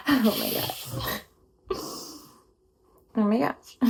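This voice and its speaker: A woman's voice: mid-range voice, drawn-out words, creaky, long pauses, rough recording. A woman in a whispered role-play, talking in a defiant, indignant, rambling way. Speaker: ASMR role-play host.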